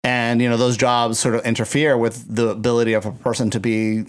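A man's voice: mid-range voice, level tone, brisk. A man interviewing a guest in casual chat, prompting with curious questions.

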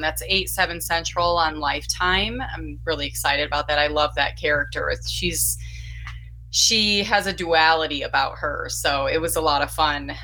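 A woman's voice: lowish voice, sharp tone, rough recording. A woman with a Chicago accent, an actress guest talking upbeat with many fillers. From Illinois. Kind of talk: casual interview.

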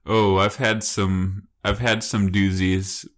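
Giggly teasing podcast guy, 30s, kinda low voice, keeps poking with questions. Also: flat delivery, slow. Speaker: podcast co-host. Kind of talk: casual podcast chat.

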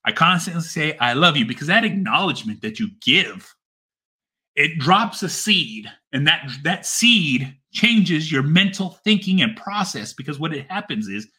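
A man's voice: a little high, sharp tone. A middle-aged man and father giving a candid personal monologue, blunt and heartfelt, swearing heavily and repeating phrases for emphasis. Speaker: father sharing his story.

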